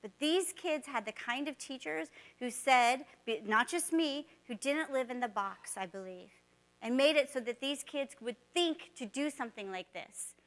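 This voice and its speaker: Bright, high-voiced woman telling stories. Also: normal speed. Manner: animated, acts out quoted dialogue. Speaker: keynote speaker, former teacher. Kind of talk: storytelling keynote talk.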